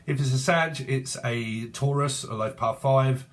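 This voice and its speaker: A man's voice: mid-range voice, unhurried. A man in his forties giving a loose, jokey tarot reading, rambling and laughing often. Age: 40s. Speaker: tarot reader. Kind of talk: casual tarot reading monologue.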